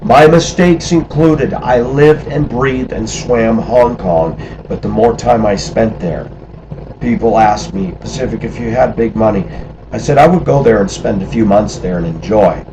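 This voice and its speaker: A man's voice: fairly low pitch, a little slow, background noise. A middle-aged man casually telling stories from his life abroad, acting out the voices of people he quotes. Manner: animated, acts out quoted voices. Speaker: storyteller recalling life abroad. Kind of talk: casual spoken storytelling.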